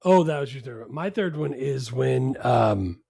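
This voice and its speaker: A man's voice: medium pitch, lively intonation, measured pace, vocal fry, dark tone, husky, no room sound. A man co-hosting a casual movie podcast, laid-back and hesitant with many ums and wry jokes. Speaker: podcast co-host.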